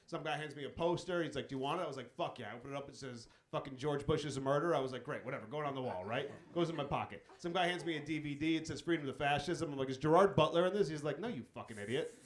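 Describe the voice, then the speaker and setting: A young man doing a live stand-up set, telling a profane story and acting out quick quotes. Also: a little high. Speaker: stand-up comedian. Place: comedy club stage.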